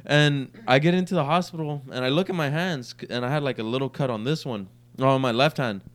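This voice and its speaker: A young man with a smooth, resonant voice tells a rambling story on a podcast, swearing freely. He acts out each quoted line with lively energy. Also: mid-range voice, brisk. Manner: profane, animated storyteller acting out quotes. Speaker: podcast co-host. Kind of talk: casual storytelling.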